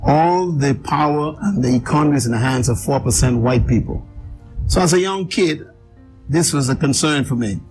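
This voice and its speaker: A man recounting his life story as an interview guest, emphatic, with repeated phrases and dramatic pauses. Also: mid-range voice, music in the background, rough recording.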